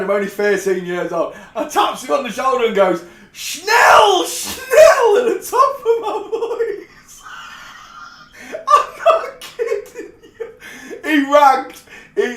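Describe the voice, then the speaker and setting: A man's voice: high-pitched, a bit bright. A man from England, telling rambling anecdotes in a casual way and often breaking into laughter. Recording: roomy echo.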